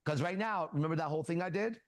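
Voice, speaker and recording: A man hosting a casual talk show, coaching a younger man bluntly and profanely and telling animated stories with quoted dialogue. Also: on the high side, very fast, no echo. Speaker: host. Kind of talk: casual advice talk and storytelling.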